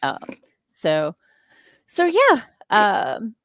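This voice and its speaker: A woman hosting a casual writing stream chat, upbeat and quick to laugh. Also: medium pitch, huge pitch swings, fairly bright tone, no echo, studio quality. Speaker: stream host.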